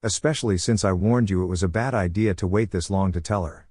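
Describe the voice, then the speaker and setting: A small, prim old toad who keeps his patience, read aloud by a man. The voice is low and dry, close to the mic. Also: brisk, darkish tone, breathy edge, no echo.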